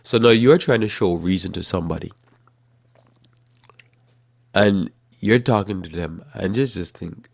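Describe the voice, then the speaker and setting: A man giving conversational Bible teaching on a live talk program, animated, acting out scenes with sudden loud bursts. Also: lowish voice, unhurried, vocal fry, pauses often, dry recording.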